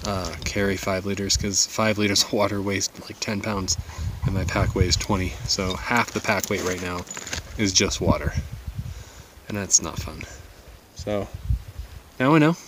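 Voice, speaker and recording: A man with a lowish voice talks to his own camera high on a mountain trail, casual and loose, thinking out loud with the odd curse. He is often winded from the climb, and a faint hiss sits under the outdoor recording. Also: measured pace, pauses often. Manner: casual, swears freely, thinks aloud. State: out of breath. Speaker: hiker filming himself. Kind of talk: casual vlog narration.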